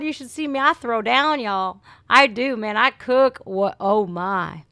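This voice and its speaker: A woman's voice: mid-range voice, slow pace, few pauses, bright, forceful tone, no echo. A middle-aged woman from Northeast Ohio hosting a casual livestream, chatting with viewers and swearing freely. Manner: chatty, swears freely, says "man" and "dude". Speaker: livestream host. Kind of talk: casual livestream chat reading comments.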